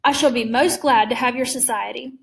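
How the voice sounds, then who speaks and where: A woman reading aloud and voicing a suave, menacing aristocratic male hunter who speaks with slow courtly calm. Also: on the high side, vocal fry.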